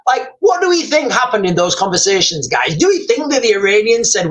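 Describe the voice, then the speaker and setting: A man's voice: very high-pitched, very animated, a little fast, hardly any pauses, poor audio. A man hosting a live stream, chatting casually and rambling, with many restarts and asides to viewers. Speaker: livestream host.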